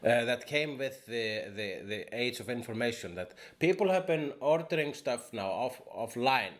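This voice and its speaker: A man's voice: medium pitch, expressive, normal speed. A man hosting a podcast, chatting casually in a rambling way, full of fillers and the odd curse. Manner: rambling, swears freely, many fillers. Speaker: podcast host. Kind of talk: casual conversation.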